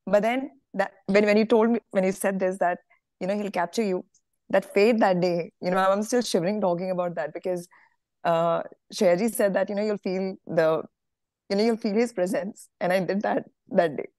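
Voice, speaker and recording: A woman's voice: mid-range voice, steady tone, normal speed, dark tone, no room sound. A woman with an Indian English accent gives an earnest, emotional testimony on a video call. She hesitates and restarts often. Her sound is dry and close. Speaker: participant sharing a devotional experience.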